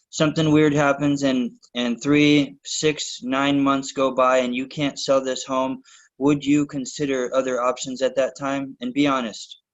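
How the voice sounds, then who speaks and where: Flat-voiced man on dull call audio. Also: medium pitch. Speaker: real estate agent practicing a script.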